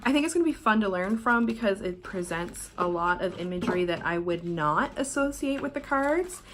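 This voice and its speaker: A woman's voice: medium pitch, animated, normal speed, slight background noise. Chatty Canadian woman unboxing tarot. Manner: chatty, swears casually, drifts into soft asides. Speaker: tarot vlogger. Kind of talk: casual unboxing chat. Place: hotel room while travelling.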